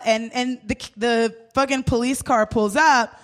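A young woman casually telling a story, animated and swearing as she acts out the people in it. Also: high-pitched, unhurried. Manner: animated, swearing, acts out voices in her stories.

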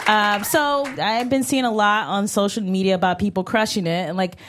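A young woman co-hosting a live show, chatty and lively with casual slang. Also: medium pitch, moderate pace, a little hiss or hum. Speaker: co-host.

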